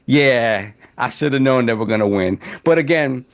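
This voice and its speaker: A man's voice: medium pitch, normal speed. A man co-hosting a casual gaming podcast, talking in long opinionated runs with many restarts. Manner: rambling, opinionated, repeats himself. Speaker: podcast co-host.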